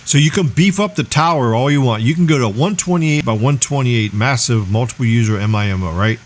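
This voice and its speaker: Energetic man hosting a tech livestream. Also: medium pitch, a little fast. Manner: energetic, explaining, asks rhetorical questions. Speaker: livestream host. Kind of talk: casual tech livestream talk.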